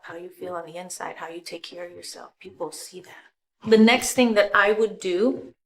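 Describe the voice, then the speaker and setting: A woman's voice: on the low side, normal speed. Middle-aged woman chatting through her makeup routine. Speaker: celebrity giving a makeup tutorial. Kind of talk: casual makeup tutorial talk.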